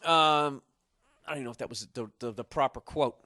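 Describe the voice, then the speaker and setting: Profane, animated male comedian ranting. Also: mid-range voice, a little fast, no echo, studio quality. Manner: profane, animated, building to loud outbursts. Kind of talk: comedic podcast rant.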